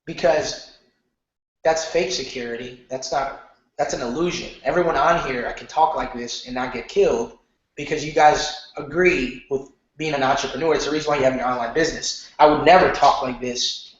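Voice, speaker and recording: A man teaching an online marketing lesson in a casual, animated way, often checking in with "okay?" and slipping into slang. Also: mid-range voice, moderate pace. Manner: animated, repeats "okay?", loose slangy talk. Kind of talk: casual training lecture. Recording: very echoey, muffled room.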